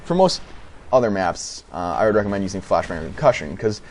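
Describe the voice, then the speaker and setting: A man's voice: lowish voice, very animated, fairly quick, a little hiss or hum. A young man giving off-the-cuff gameplay commentary, hesitant, with many fillers and restarts.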